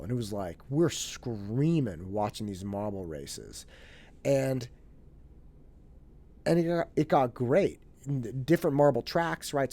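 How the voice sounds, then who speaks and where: A man in his thirties telling a story in a casual, animated way, acting out bits of family conversation. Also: medium pitch. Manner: animated, acts out family dialogue, restarts and fillers. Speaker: podcast host.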